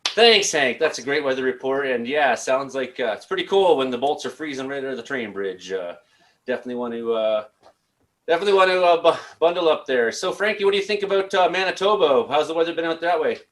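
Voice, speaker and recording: A man from Canada hosting a casual call-in show, talking haltingly with many fillers and restarts. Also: medium pitch. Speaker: show host.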